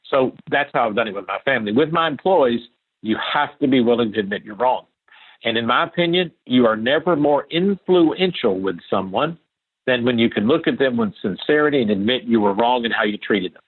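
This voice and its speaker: A man's voice: mid-range voice, lively intonation, fairly quick, breathy edge, phone-quality sound. An older man from Appalachia, a guest answering interview questions in an earnest, emphatic way that repeats key phrases.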